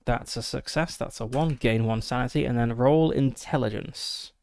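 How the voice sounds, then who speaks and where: A man's voice: mid-range voice, moderate pace, darkish tone, slight background noise. A man streaming a solo tabletop game, reading out the gamebook text and muttering through his dice rolls with many fillers.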